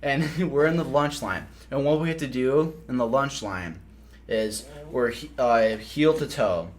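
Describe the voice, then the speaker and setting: A man's voice: medium pitch, unhurried. A young man from South Dakota, hosting a podcast and telling rambling, profane stories in casual chat. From South Dakota, USA. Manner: rambling, profane, laughs mid-story. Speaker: podcast host.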